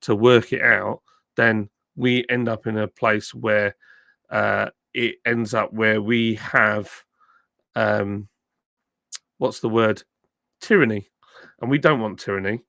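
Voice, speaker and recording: A middle-aged man from the south of England, his southern English accent softened by years in the north, chatting casually on a live stream and reading out viewer comments. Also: on the low side, steady tone, slow, gravelly, long pauses, no room sound, clean studio sound. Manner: chatty, thanking viewers by name, frequent ums and uhs. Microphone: phone with a plug-in mic.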